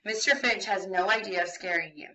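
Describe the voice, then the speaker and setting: A woman reading the part of a gruff older male judge who tries to sound soothing. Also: medium pitch, steady tone, a little fast, sharp tone, close to an everyday voice, rough recording. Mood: gruff coaxing.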